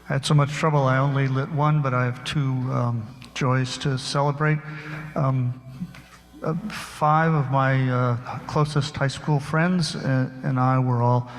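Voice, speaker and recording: Old guy in his 70s talking to his church, stops and starts a lot, pretty monotone, big echoey sanctuary. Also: medium pitch, faint music behind. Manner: halting, with frequent pauses and fillers. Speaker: congregant sharing joys. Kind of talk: spontaneous personal remarks. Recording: long reverb of a church hall.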